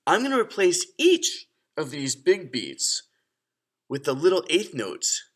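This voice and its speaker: Upbeat man chanting rhythms, lively pitch. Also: measured pace. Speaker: music teacher. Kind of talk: children's music lesson.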